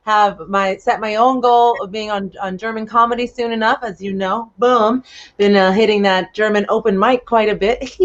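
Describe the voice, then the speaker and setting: A woman's voice: medium pitch, moderate pace, highs cut off. A woman from New York City with a New York accent, hosting a live-streamed comedy open mic in a brash, joking way. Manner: brash, joking, laughs at her own lines.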